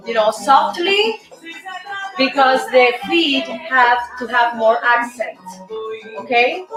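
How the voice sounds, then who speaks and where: High-voiced Cuban woman teaching dance. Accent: Cuban Spanish. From Cuba. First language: Spanish. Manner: playful, counting out steps and beats. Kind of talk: dance lesson. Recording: roomy, mic from a distance, faint music.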